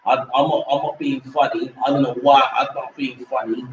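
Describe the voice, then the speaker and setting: A man's voice: medium pitch, little pitch movement, fairly quick, muffled recording, slight background noise. A man hosting a casual football rant, rambling, repeating himself and dismissing players in slang. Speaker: host. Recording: echoey room from far off mic.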